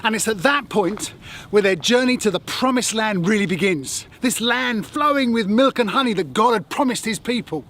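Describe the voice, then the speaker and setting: A man's voice: sits high, animated, normal speed, fairly bright tone, a little hiss or hum. Earnest English man preaching. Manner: earnest, conversational preaching with rhetorical questions. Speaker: pastor. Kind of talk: sermon.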